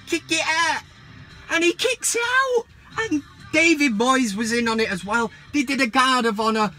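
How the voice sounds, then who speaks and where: A man's voice: very high-pitched, pushed and bright. A man hosting a football vlog, ranting heatedly and mockingly with plenty of swearing.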